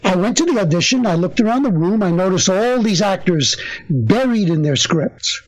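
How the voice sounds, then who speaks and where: An older man, a working actor and interview guest, telling stories with an animated delivery. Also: high-pitched, moderate pace, rough recording. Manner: lively animated storyteller. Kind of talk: storytelling interview.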